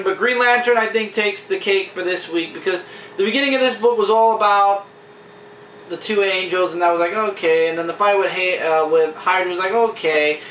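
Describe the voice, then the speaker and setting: A man chatting casually as a comic book reviewer, enthusiastic and acting out characters' lines in quick quotes. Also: high voice, a bit bright, recorded from a distance. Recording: echoey room, faint hiss.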